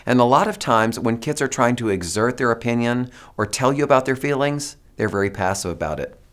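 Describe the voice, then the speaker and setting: A man giving a presentation to teachers, animated and demonstrative, coaxing the audience to repeat phrases. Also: medium pitch, fairly quick. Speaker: teacher trainer.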